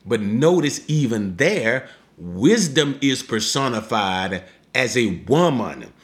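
A male preacher teaching from scripture in an unhurried, deliberate way. His pitch swings widely as he leans into key words, pausing to explain them. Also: very animated, a bit bright. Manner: emphatic, slows down to explain.

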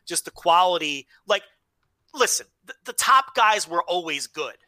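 A man from the United States co-hosting a casual podcast, animated and swearing freely with many restarts. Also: high-pitched, unhurried, no echo. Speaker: podcast co-host. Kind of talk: casual chat.

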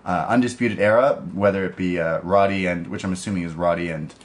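A man's voice: deep voice, brisk. A man co-hosting a casual podcast, chatty and laughing often as he recaps wrestling shows. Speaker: podcast co-host. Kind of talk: casual chat.

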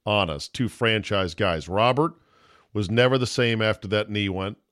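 A man's voice: lowish voice, normal speed, fairly bright tone, dry recording, studio quality. A middle-aged man hosting a casual sports talk podcast, blunt and wisecracking, swearing freely as he chats with his guest. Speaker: podcast host.

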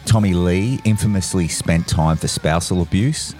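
Low-voiced guy doing podcast narration, reads through it briskly, faint music under him. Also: a little mellow. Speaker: podcast host. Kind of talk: scripted narration.

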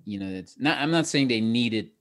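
A man's voice: medium pitch, expressive, brisk. A man talking in a casual podcast conversation as a guest, rambling with restarts and laughing between thoughts. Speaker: guest, actor and comedian.

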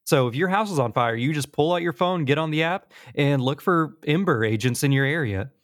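Animated man hosting a gaming podcast. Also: a little high, fairly quick. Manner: animated storytelling, mimics friends; casual, fillers like "like". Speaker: podcast host. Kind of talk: casual gaming chat.

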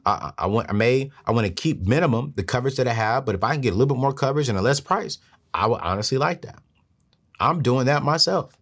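A man's voice: animated, quick pace, fairly bright tone. Earnest preachy man giving money advice. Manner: earnest, preachy, rises in pitch when emphatic. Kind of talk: motivational talk to camera.

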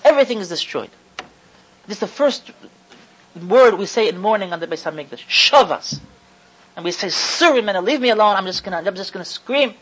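A woman teaching a religious lecture to an audience, stressing key words slowly and often restarting phrases as she thinks aloud. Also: medium pitch, expressive, husky, poor audio. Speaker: Torah lecturer.

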